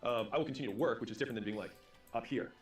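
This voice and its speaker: A man in his thirties tells stories at a rapid clip, slipping into quick acted-out dialogue as he goes. His voice sits in an ordinary middle register. The sound is roomy and picked up from a few steps off the mic. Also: medium pitch, far from the mic, soft background music. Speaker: business and sales speaker. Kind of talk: motivational storytelling talk.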